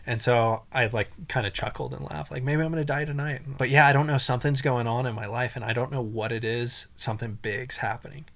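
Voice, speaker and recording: A young man tells a personal story as a podcast guest, his voice at an ordinary middle pitch. He talks loosely and emotionally, with plenty of fillers and restarts. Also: fairly even intonation, brisk, vocal fry, few pauses, a bit bright. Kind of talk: casual storytelling.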